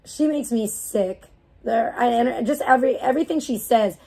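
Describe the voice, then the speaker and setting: A woman streamer in the middle of an angry rant, swearing hard and dripping with contempt. Her voice sits a little high for a woman. She mocks as much as she talks. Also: moderate pace, darkish tone, breathy edge. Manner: profane, scornful, mocking. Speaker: live streamer. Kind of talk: angry ranting live stream.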